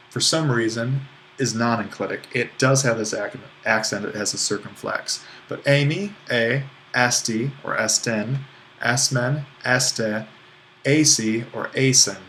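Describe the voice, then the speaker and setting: Man, language teacher, relaxed explaining, mid pitch, faint hiss behind. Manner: relaxed explaining with small laughs and self-corrections. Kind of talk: recorded language lesson.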